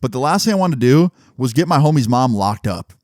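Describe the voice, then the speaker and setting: A man's voice: mid-range voice, animated, a little fast, a little mellow, dry recording, studio quality. A young man telling a long story casually, cursing freely and quoting the people involved. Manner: profane, rambling, retells dialogue in quotes.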